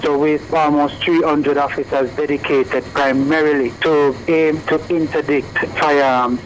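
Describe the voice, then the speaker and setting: A man, a senior police official speaking in formal police language with pauses and restarts. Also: mid-range voice, slight background noise, low-quality recording. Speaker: police division director. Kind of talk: news interview clip.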